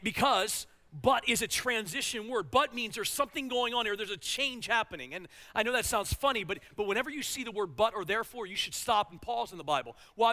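A man preaching a sermon with passion, swinging between loud, urgent lines and quiet, hushed ones. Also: high-pitched. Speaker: pastor. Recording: long reverb of a church hall.

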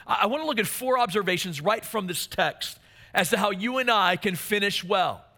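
A man's voice: high voice, expressive, normal speed, pushed and bright. A man preaching a sermon as pastor, earnest and emphatic, repeating key phrases for weight.

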